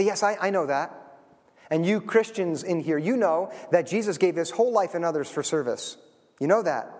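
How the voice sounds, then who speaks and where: A man's voice: high-pitched, a little mellow. A man preaching a sermon to his congregation in a church, emphatic and full of rhetorical questions. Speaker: pastor. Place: church sanctuary. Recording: long hall reverb.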